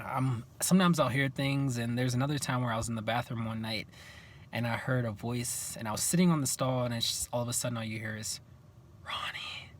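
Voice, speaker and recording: A young man talks straight to his viewers in an easy, everyday way, at an ordinary middle pitch. He tells his stories with lively energy and acts out what other people said. A faint hum sits behind his voice. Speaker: vlogger. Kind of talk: casual storytelling to camera.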